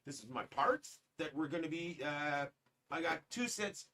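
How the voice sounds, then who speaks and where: A man's voice: on the high side, animated, measured pace, bright, forceful tone, distant mic. A man hosting a casual livestream, rambling and talking straight to his chat as "guys". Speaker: livestream host. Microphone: streaming setup.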